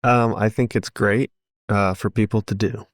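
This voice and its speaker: A man with a very low voice in a relaxed podcast chat. He is easygoing and quick with a joke. The recording is dry and close. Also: no echo. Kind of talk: casual chat.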